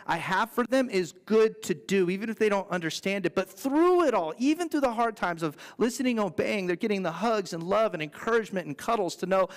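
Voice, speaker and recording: A man with a high, light voice delivers an earnest, conversational sermon, dropping in playful asides. His voice carries a long reverb from the church sanctuary around him. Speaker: pastor.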